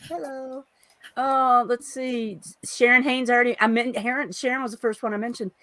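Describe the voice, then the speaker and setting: A woman co-hosts a livestream from a video call, chatting freely and running through viewer greetings with plenty of asides. Her voice is bright and sits a little high. The sound is dry, with no room around it. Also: fairly even intonation, moderate pace, no room sound. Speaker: co-host of a genealogy livestream. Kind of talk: casual chat.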